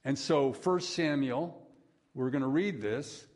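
A man's voice: mid-range voice, slow pace, a little mellow. A middle-aged man preaching a sermon as a pastor, folksy and conversational, with asides to the congregation.

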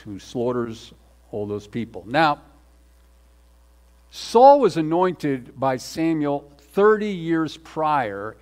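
A man preaching a sermon as pastor, emphatic, repeating words for stress and swinging between loud and soft. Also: medium pitch.

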